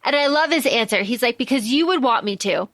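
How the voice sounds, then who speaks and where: Female podcast co-host, bright and lively, casual storyteller, dry close mic. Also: fairly high pitch, brisk, no room sound. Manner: animated, acts out character lines while retelling the plot. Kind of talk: casual book discussion.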